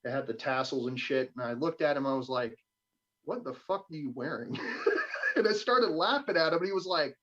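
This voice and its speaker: A man's voice: on the high side, a little fast. A young man, a guest on a live stream, casually telling a story, swearing a lot and acting out the voices he quotes. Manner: profane, animated, acts out quoted voices. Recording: dull lo-fi stream audio.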